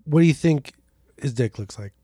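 A man co-hosting a comedic podcast, reading absurd news with deadpan, mock-serious delivery. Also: medium pitch, normal speed, husky, dry recording, studio quality. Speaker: podcast co-host.

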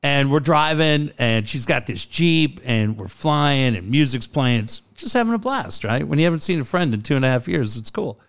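A man co-hosting a casual chat, telling stories with lively jokes. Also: normal speed, few pauses. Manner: animated storyteller, jumps high in pitch when joking. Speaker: co-host.

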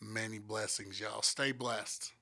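Male podcast co-host, excitable and profane, bright forceful voice. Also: on the low side, slow pace, gravelly. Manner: excitable, profane, keeps saying "you know what I'm saying". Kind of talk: casual podcast chat.

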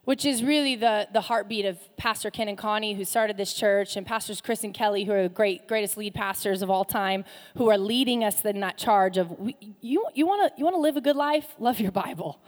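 A woman pastor delivers a sermon in an animated, playful way, repeating phrases for emphasis and slipping in joking asides. Her voice sits at a middle pitch and carries a long reverb from a large hall. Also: brisk, hardly any pauses. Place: church sanctuary.

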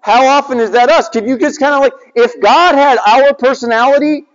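In a reverberant hall with dull-sounding audio, a preacher speaks briskly in a very high-pitched voice. He animates his sermon with family anecdotes, performing each person's lines and posing rhetorical questions to the congregation.

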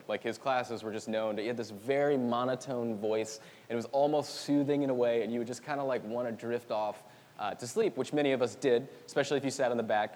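Animated storytelling pastor in a hall. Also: male voice, mid-range voice. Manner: animated storytelling, laughing often. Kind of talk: sermon. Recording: long reverb of a large hall.

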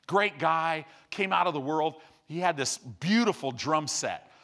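A man preaching a sermon in an animated storytelling style, acting out quotes as he teaches. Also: fairly high pitch, a little slow.

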